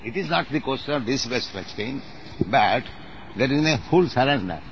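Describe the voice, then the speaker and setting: A man's voice: medium pitch, expressive, normal speed. A man teaching as a spiritual master, corrective and insistent, stressing his points again and again. His mid-range voice comes through a dull, lo-fi recording. A faint vehicle hum sits behind him. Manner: emphatic, corrective, repeats "no, no". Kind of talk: instructive conversation.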